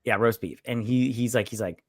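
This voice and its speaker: A man's voice: mid-range voice, fairly even intonation, a little fast, dry recording, clean studio sound. Crude joking man recapping a movie. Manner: crude, blunt, jokey retelling with put-on quotes. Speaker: podcast co-host. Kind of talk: casual drunk movie recap.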